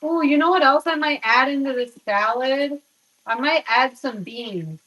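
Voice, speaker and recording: A young woman chatting casually as she cooks in her home kitchen, swearing freely and telling stories in a lively way. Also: sits high, measured pace, slight background noise, poor audio. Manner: chatty, profane, animated storytelling. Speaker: vlogger. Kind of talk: casual cooking vlog chat.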